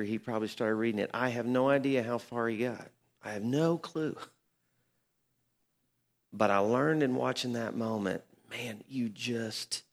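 Gravelly middle-aged male pastor preaching. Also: on the low side. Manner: earnest, rises to emphatic peaks. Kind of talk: sermon storytelling.

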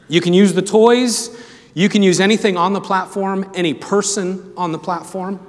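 A man's voice: high voice, fairly even intonation, moderate pace. A man speaking to a student chapel crowd, playful and jokey, calling out to the room on a handheld mic. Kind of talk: lively sermon intro with audience game. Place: large hall with student audience. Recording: reverberant hall, crowd and noise.

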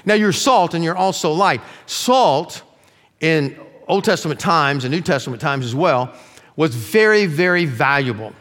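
A middle-aged male pastor preaching a sermon earnestly, dropping his voice low to stress key lines. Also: lively intonation, unhurried, a bit bright. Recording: long reverb of a large room.

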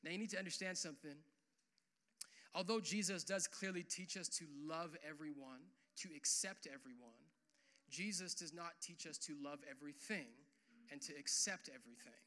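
High, bright-voiced young pastor preaching. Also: male voice, normal speed. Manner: casual, animated preaching with frequent "like" and "uh"; swells louder and higher on key points. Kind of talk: sermon.

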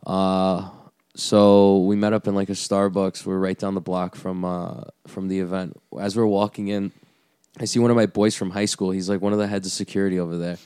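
A young man co-hosting a casual chat, telling lively stories, acting out what people said, and swearing freely. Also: deep voice, moderate pace, clean tone, dry recording, clean studio sound. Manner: animated storyteller, acts out quotes, swears casually. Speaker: podcast co-host.

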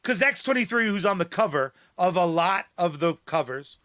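A man's voice: high voice, animated, moderate pace, sharp tone. A man co-hosting a comics podcast, sardonic and profane, laughing often in casual chat. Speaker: podcast co-host.

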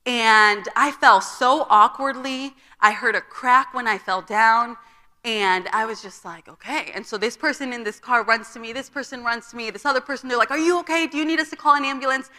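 A woman's voice: a little high, steady tone, a little fast, pushed and bright. A young woman giving a personal testimony at a church conference, telling her story and acting out the dialogue. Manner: storytelling, acts out quoted dialogue. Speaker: conference speaker. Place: church auditorium. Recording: long reverb of a large hall.

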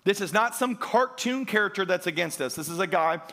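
A man's voice: high-pitched, animated, a little fast, a bit bright. A man preaching a sermon to a church congregation, emphatic and driving, calling out for praise in call-and-response. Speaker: pastor. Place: church sanctuary.

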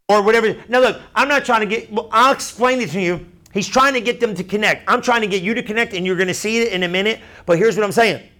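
Delivering a sermon in a strikingly high voice, this preacher is lively and casual, mimicking doubters and crowd voices as he goes. He repeats phrases and often checks in with "you understand?"

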